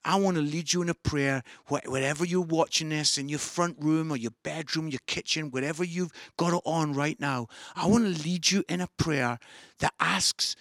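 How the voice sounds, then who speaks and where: A man preaching a sermon to an online audience, enthusiastic, shifting from excited outbursts to soft pleading. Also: on the high side, normal speed, no room sound, studio quality. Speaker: pastor.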